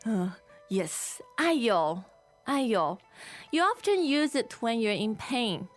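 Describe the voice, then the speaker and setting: A woman's voice: on the high side, big pitch swings, soft background music. A woman teaching Mandarin as co-host of a language lesson, whose first language is Mandarin, saying phrases twice over to model them. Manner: models Chinese phrases slowly and repeats them.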